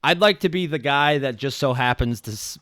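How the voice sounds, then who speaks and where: A man with a strong Boston accent, a guest comedian chatting casually on a podcast, animated and quick to laugh. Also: mid-range voice, dry recording, clean studio sound. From Massachusetts, USA. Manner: animated, laughs often, rambling.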